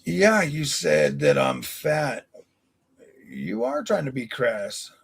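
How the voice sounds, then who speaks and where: Forties male streamer, gravelly and slightly high, blunt and profane with chat. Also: huge pitch swings, slow. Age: 40s. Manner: blunt, combative, profane banter. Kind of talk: live stream chat, answering viewers.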